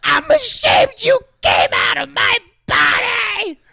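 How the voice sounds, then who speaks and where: A man's voice: huge pitch swings, takes it slowly, gravelly, sharp tone, shouting, heavily acted. A man doing a shrieking, sobbing mother. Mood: anguished. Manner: shrill falsetto shrieking. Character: distraught middle-aged mother, screaming and sobbing.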